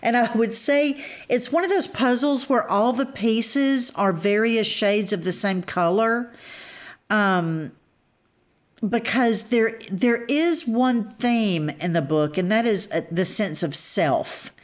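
A woman co-hosting a casual book chat, measured and thoughtful, gently teasing. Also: fairly high pitch. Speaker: co-host.

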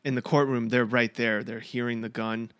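A man co-hosting a casual podcast, talking in a thoughtful, measured way. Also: mid-range voice, level tone, fairly bright tone, clean tone, no echo, studio quality. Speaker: podcast co-host. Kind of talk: casual book and show discussion.

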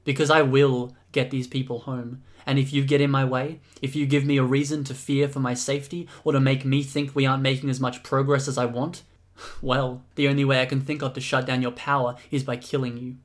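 A man reading aloud and voicing a stubborn, calculating young man who speaks with quiet menace in a storybook reading. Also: medium pitch, little pitch movement, fairly quick, natural voice. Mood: whispered threat. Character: stubborn, cold, calculating young male leader.

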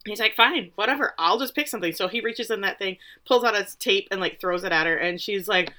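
A woman retells a TV episode for her podcast, her bright, forceful voice carrying a casual, animated recap. She slips in and out of the characters' lines as she goes. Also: mid-range voice, a little fast, few pauses. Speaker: podcast co-host.

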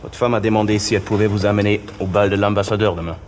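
An actor playing a brisk official who talks quickly and flatly. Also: male voice, fairly low pitch, a little hiss or hum, lightly acted. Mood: formal.

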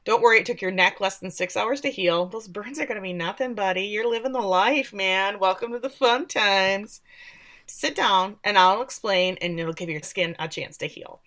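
A woman putting on a priest who speaks with unsettling calm and plain, matter-of-fact ease. He sounds like a neighborly guy telling a story, which makes his words feel off. His pitch sits at an ordinary middle height. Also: normal speed, close to an everyday voice. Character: calm male priest, eerie and chatty.

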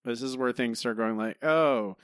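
A man's voice: mid-range voice, lively intonation, normal speed, a bit bright, no echo, studio quality. A man co-hosting a podcast, critiquing an episode in rambling, casual chat full of fillers and restarts. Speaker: podcast co-host.

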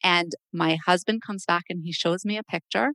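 Gravelly, bright-voiced woman telling stories. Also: lowish voice, normal speed, no room sound. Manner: animated storytelling, fearful of wildlife. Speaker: podcast co-host. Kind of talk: casual chat.

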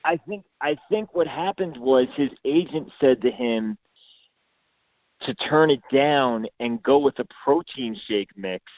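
A man's voice: medium pitch, a little slow, dry recording, narrow, tinny audio. A man guest on a podcast, chatting enthusiastically with lots of fillers. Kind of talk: casual chat.

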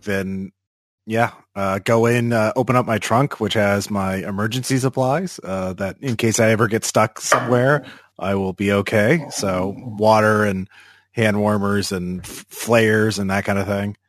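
A man playing a tabletop game, halting and trailing off with many fillers. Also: on the low side, fairly even intonation, dry recording, studio quality. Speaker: player. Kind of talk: tabletop role-play as a player.

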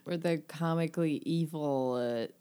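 A woman's voice: low voice, unhurried, mellow, smooth. A woman co-hosting a podcast, chatting playfully about a book and jumping in to finish her partner's sentences. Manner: playful, jumps in to finish sentences, laughs a lot. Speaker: podcast co-host. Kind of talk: casual book discussion chat.

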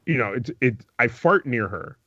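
A man's voice: medium pitch, expressive, normal speed, sharp tone, breathy edge, no echo, muffled recording. A man co-hosting a comedy podcast, stammering and restarting often as he tells an anecdote. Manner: hesitant, stammering, restarts often, laughs easily. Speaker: podcast co-host. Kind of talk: casual comedic chat.

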